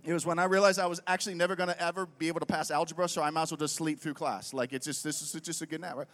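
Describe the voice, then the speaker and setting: A young adult man preaching a sermon in an animated, conversational way, telling stories and often asking "right?". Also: fairly high pitch, very fast. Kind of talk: sermon with storytelling.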